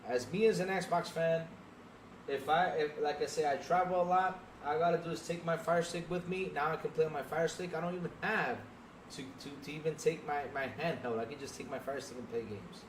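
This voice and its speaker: A young adult man hosting a live podcast stream, talking straight to his chat in an animated, repetitive way. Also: a little high, a little fast, a little hiss or hum. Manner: animated, talks straight to chat, repeats himself. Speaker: podcast host.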